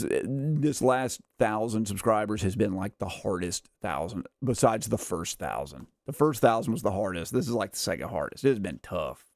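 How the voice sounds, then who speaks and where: A gaming streamer in his thirties chats casually on a livestream, rambling with plenty of "like" and "uh" and chuckling often. His voice is lowish and creaky, captured in a dry, studio-quality recording.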